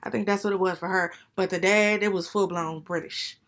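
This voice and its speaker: A woman's voice: medium pitch, steady tone, fairly quick, fairly bright tone. Young woman cohost, medium voice, rambly and slangy, just chatting. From DMV area, US. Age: young adult. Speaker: podcast co-host. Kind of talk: casual chat.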